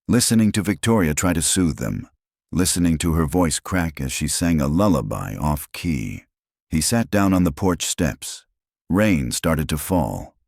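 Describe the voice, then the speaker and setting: Male story narrator, very deep voice, lively delivery, dry sound. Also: no room sound.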